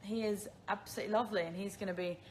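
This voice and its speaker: This Isle of Man woman in her twenties talks very fast in a steady, mid-range, slightly mellow voice with a British accent, and there's slight background noise. She's casually chatting on a phone livestream, taking viewer questions and often laughing at herself.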